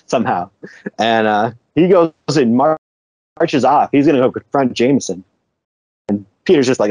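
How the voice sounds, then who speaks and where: A man's voice: mid-range voice, animated, normal speed, pauses often, a little mellow, dry recording, muffled recording. A man co-hosting a podcast, retelling a comic book story in loose, casual chat, chuckling often and swearing now and then. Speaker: podcast co-host.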